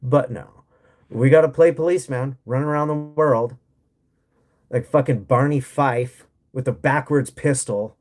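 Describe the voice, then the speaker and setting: A man from the United States hosts a livestream, reading chat and answering with blunt, sarcastic, profanity-heavy ranting. His medium-pitched voice is a little slow and a little mellow.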